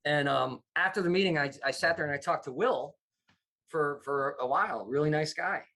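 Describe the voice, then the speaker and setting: A man's voice: a little high, normal speed. A middle-aged man from the United States, a comedy producer telling stories in a casual interview, acting out the voices of people he quotes. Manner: animated, acts out quoted voices. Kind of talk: casual storytelling.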